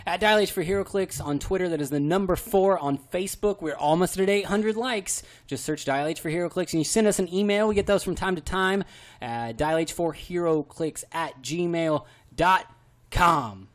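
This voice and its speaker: An easygoing man co-hosts a casual podcast, trading jokes with a relaxed delivery. His voice is a touch high, and he sometimes stammers over a word. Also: normal speed. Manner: easygoing, joking, a few stammers. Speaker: podcast co-host.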